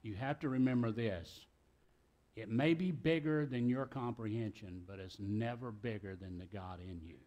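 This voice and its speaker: A man's voice: on the low side, moderate pace, a little mellow, highs cut off. A middle-aged man, preaching a sermon in a church in a folksy, talkative way with joking asides. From South Carolina, US. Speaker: pastor. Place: church sanctuary.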